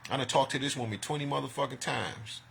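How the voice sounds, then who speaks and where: A man's voice: mid-range voice, fast talker, creaky, a bit bright, a little hiss or hum. A man ranting to the camera in a vlog, agitated and profane, making accusations. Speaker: vlogger.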